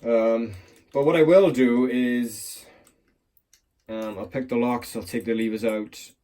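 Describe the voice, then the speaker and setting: A man's voice: medium pitch, steady tone, takes it slowly, dark tone. A man chatting casually about picking locks, rambling and swearing with a self-mocking edge, recorded on a clamped phone. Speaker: lock picking hobbyist. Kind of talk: casual chat while demonstrating.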